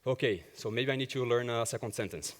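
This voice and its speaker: A man's voice: mid-range voice, a little fast. Man, agile coach, conference talk, acts out dialogue, long hall reverb. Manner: animated storyteller who acts out dialogue. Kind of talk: conference talk with personal anecdotes.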